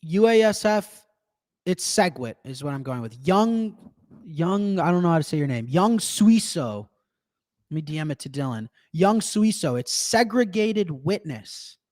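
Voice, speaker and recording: A young man with a notably high voice hosts a live show. He talks in loose, animated bursts and swears freely. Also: a little slow. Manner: animated, profane, excitable. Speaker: livestream host. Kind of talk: casual live-show rant.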